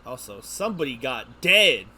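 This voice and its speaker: Bright-voiced man chatting through a game. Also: mid-range voice, very animated, normal speed, slight background noise. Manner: chuckling, reactive, reads on-screen text aloud. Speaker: streamer. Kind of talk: casual gaming commentary.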